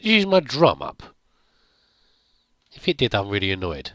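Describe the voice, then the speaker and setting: A man talks his way through a video game, muttering and chuckling at his own slip-ups. His voice is bright and bouncy, rising and falling a lot, recorded close and dry. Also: on the low side, wildly swooping pitch, normal speed, dry recording. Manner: chatty, talks to himself, mutters and laughs at his mistakes. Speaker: gameplay video host. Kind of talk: casual gameplay commentary.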